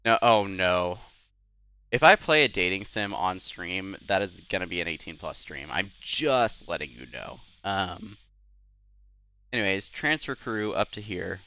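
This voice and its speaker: Young male streamer who chats and rambles. Bright, crisp voice with a lively lilt. Dry, lo-fi mic. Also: low-pitched, unhurried, dry recording. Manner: rambling and chatty, full of "like" and "anyways". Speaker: Twitch streamer. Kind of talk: casual live-stream chat while gaming.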